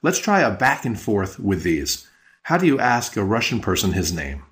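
A man teaching a podcast language lesson, patient and explanatory, slowing down on key words. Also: lowish voice, very animated, fairly bright tone.

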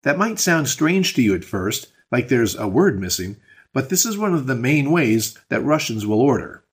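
A man's voice: mid-range voice, sing-song, moderate pace, husky. A man hosting a scripted podcast language lesson, explaining patterns step by step with spoken examples. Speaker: language teacher and podcast host.

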